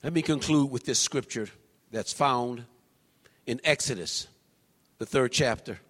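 A man preaching a sermon in a church, swinging from low murmurs to high, shouted calls. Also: measured pace, long reverb tail. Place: church sanctuary.

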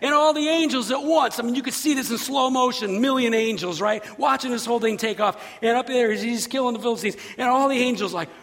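A man preaching a sermon, telling the story with animated energy, acting out characters and sometimes shouting. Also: extremely high pitch, fairly quick, gravelly, few pauses. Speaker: pastor. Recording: long reverb of a large hall.

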